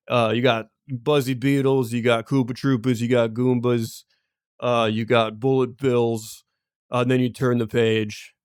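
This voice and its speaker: A man's voice: medium pitch, smooth, no echo, clean studio sound. A man co-hosting a podcast, telling stories in loose, rambling casual chat full of asides and laughs. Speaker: podcast co-host.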